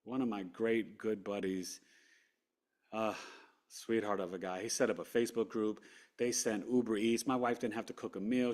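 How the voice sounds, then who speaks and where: A man as an interview guest, earnestly recounting a personal story and acting out what people said. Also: on the low side. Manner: earnest, animated, acts out quotes.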